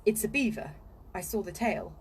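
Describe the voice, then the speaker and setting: A woman voicing Peter, a calm, matter-of-fact older brother in a storybook. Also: medium pitch, normal speed, slight background noise, close to an everyday voice. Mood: steady.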